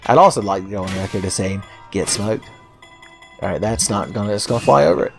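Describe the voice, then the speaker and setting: A man's voice: fairly low pitch, rapid-fire, vocal fry, soft background music. Profane, sarcastic male gameplay commentator. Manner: profane, sarcastic, mock-exasperated ranting. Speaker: let's play host.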